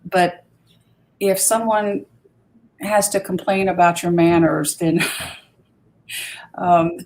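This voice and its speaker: A woman's voice: on the low side, steady tone, slow, a little mellow. A woman co-hosting a casual livestream chat over a video call, easygoing and conversational.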